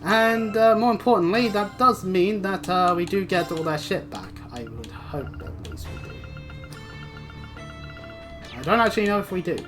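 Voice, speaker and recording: A man's voice: sits high, expressive, normal speed, over music. A man from Britain casually commenting while playing a video game, chatty and prone to restarting his sentences. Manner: chatty, rambling, self-interrupting. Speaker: let's play host.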